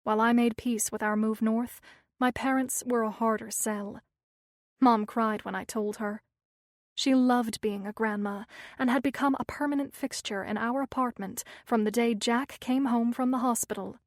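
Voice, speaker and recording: A woman reads a thriller audiobook in an even, measured narration. Her voice sits slightly high, and the recording is dry and close, with no room sound. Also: no room sound.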